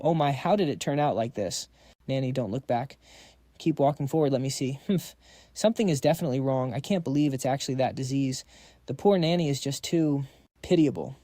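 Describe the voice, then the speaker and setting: A man reading out a dubbed historical drama story, voicing every role in an even, read-aloud delivery. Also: fairly high pitch, no echo. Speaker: story narrator.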